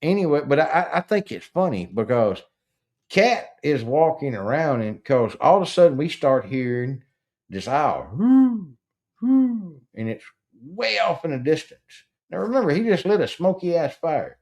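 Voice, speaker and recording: A man's voice: fairly high pitch, big pitch swings, normal speed, a little mellow. A man telling a rambling, profane, folksy story in casual chat, with frequent stammered restarts. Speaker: podcast host.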